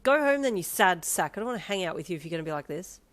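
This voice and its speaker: A woman voicing a feisty, outspoken teenage girl in an audio fanfiction reading, pushy and loud. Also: high-pitched, lively intonation, moderate pace, no echo, voice pushed up. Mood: frustrated.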